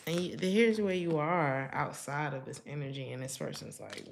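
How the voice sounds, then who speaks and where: A woman's voice: low-pitched, moderate pace, few pauses, slight background noise. A woman giving a casual tarot reading to her viewers, chatty and slangy, laughing often between her thoughts. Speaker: tarot reader.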